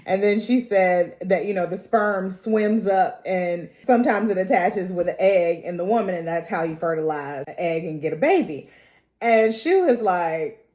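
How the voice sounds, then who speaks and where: A woman's voice: on the low side, expressive, moderate pace, darkish tone. A woman casually recapping a TV episode, telling it as chatty gossip, acting out quotes and laughing often. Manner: chatty storytelling, acts out quotes; laughs often while talking. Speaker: TV recap vlogger.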